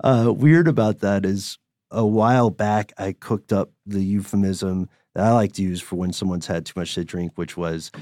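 A man hosting a podcast in casual, animated chat, often laughing. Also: low-pitched, normal speed, dry recording, clean studio sound. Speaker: podcast host.

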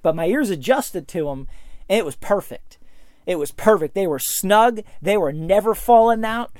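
A man's voice: high-pitched, no room sound, clean studio sound. Enthusiastic man telling a hunting story. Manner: enthusiastic, storytelling, repeats words. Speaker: hunter reviewing hearing protection earbuds. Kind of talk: casual product review.

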